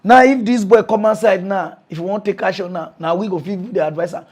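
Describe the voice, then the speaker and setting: Man, Nigerian Pidgin accent, very high voice, comic ranting, laughing, loud then muttering. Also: fairly quick. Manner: animated, laughing, swings between shouting and muttering. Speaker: comedian hosting a mock news show.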